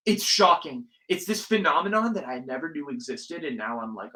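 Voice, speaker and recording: Bright, emphatic young male podcaster. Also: on the high side, expressive, moderate pace, few pauses, rough recording. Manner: emphatic, swears freely, jumps between loud and quiet. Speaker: podcast host. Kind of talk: casual solo podcast rant.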